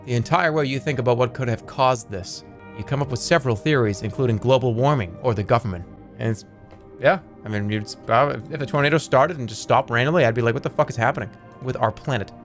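A man's voice: medium pitch, fast talker, soft background music. A man streaming a text game, reading its lines aloud with wry, joking asides and free swearing.

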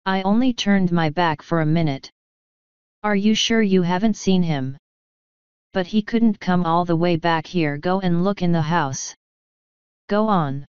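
A woman's voice: lowish voice, unhurried, clear, resonant tone, dry recording, lo-fi sound, close to an everyday voice. A woman voicing a middle-aged farm mother who speaks urgently and demandingly. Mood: frantic.

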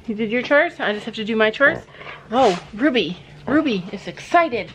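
A woman's voice: animated, moderate pace, fairly bright tone, a little hiss or hum. A middle-aged woman chatting casually in a family vlog, outdoors at a barn, talking to her dogs and horses. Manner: chatty, talks to pets in a high playful voice. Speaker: vlogger, mother.

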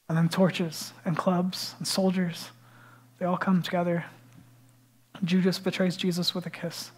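A male pastor delivering a sermon in a lively, storytelling manner. He speaks conversationally, letting his voice drop low and rise loud as the story moves. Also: unhurried, long pauses. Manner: animated storytelling, swinging between hushed and loud.

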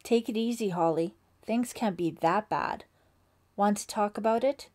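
A woman's voice: medium pitch, measured pace, darkish tone, close to an everyday voice. A woman voicing a friendly young male camp counselor who talks in an easygoing, sympathetic way.

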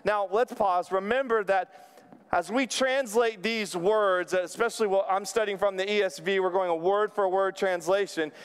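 Pastor guy preaching, smooth clear voice, big hall echo, goes from lively to hushed. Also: high voice, normal speed. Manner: animated, drops to near whisper at times. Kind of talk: sermon. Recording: long hall reverb.

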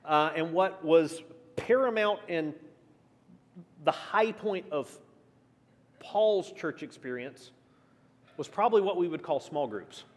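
A fairly high-voiced man leads a midweek church class, chatting and firing questions at the room. His voice carries a long reverb from the hall around him. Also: slow, long pauses. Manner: asks the class questions, lively, shifting emphasis. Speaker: pastor teaching a church class. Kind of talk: conversational Bible teaching.

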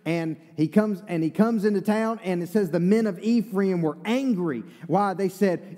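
A man's voice: high-pitched, moderate pace, hardly any pauses, warm tone. A man with an Eastern North Carolina accent preaching a sermon as pastor, in a folksy, conversational way with asides. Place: church sanctuary. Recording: long reverb of a church hall.

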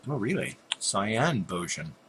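Fairly low in pitch with big pitch swings, this man takes it slowly against background noise. He's an older gameplay commentator chatting casually through a computer game, muttering at the monsters and often saying sorry for yawning.

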